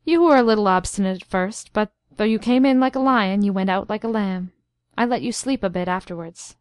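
A composed, soothing male doctor, as a woman reads him in an audiobook. He speaks in a smooth, measured way, with a dry, close sound. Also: mid-range voice, darkish tone, no echo, close to an everyday voice. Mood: easy. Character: calm, reassuring male doctor, quietly scheming.

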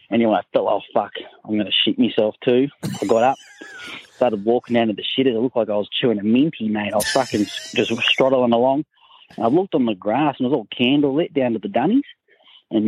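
A man's voice: mid-range voice, husky, no room sound, narrow, tinny audio. An Australian man telling a crude, rambling anecdote in a recorded voice message. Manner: crude, laid-back yarn-spinning. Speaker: caller sending in a voice message.

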